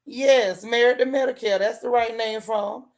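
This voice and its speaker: A woman's voice: fairly high pitch, steady tone, normal speed, a little mellow. A woman hosting a casual gossip livestream, chatting with viewers in a sassy way and repeating lines for emphasis. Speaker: host of a gossip and TV recap livestream.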